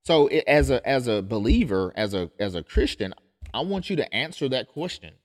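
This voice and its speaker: An emphatic male pastor talks straight to his podcast listeners at a mid-range pitch. He presses his points hard and keeps circling back to them. He often stumbles and restarts in his urgency. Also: very animated, normal speed. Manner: emphatic, insistent, repeats and restarts phrases. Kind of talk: impassioned podcast monologue.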